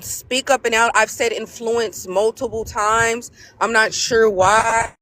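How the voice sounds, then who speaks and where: A woman with a fairly high, slightly bright voice takes part in a heated live debate. She curses freely, trades insults, and repeats her points and phrases over and over.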